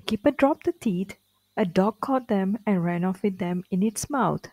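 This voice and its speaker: A woman reading a children's storybook aloud, slowly and clearly, with expressive delivery. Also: medium pitch, no room sound, low-quality recording. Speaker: storybook reader.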